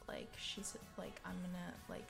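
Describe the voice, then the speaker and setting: Brief: young woman, slow drawling co-host, lots of likes and laughs. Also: lowish voice, very animated, gravelly, over music. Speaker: podcast co-host. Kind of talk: casual chat.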